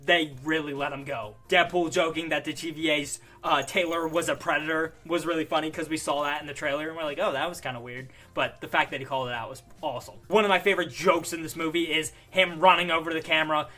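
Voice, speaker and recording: A young man reviewing a movie in a casual, excitable way, gushing and saying "like" a lot. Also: fairly high pitch, quick pace, few pauses, soft background music. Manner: excitable, gushing, heavy use of "like".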